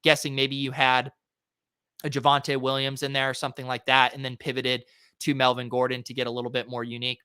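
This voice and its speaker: A man's voice: medium pitch, completely flat delivery, pushed and bright, smooth, no echo, studio quality. A man hosting a fantasy sports show, reviewing lineups in a casual, chatty way with lots of fillers. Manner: chatty, filler-heavy, quick asides. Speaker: fantasy sports podcast host.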